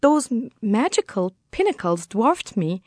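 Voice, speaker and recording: A woman from Turkey, a tour guide, tells her story with enthusiasm in a somewhat high voice. The recording is close and dry. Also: big pitch swings, a little slow, darkish tone, no room sound. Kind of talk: radio interview.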